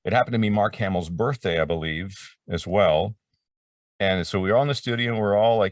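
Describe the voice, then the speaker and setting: Deep-voiced rambling man, distant dry mic. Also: fairly even intonation, brisk, no room sound. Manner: rambling, self-interrupting, acts out quotes. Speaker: voice actor guest. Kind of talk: casual interview storytelling.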